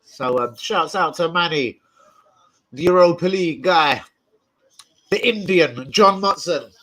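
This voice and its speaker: Excitable man hosting a watch-along. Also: fairly high pitch, measured pace, a little hiss or hum, low-quality recording. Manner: excitable, swearing, shouting out viewers. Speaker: football fan channel host. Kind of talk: live football watch-along chat.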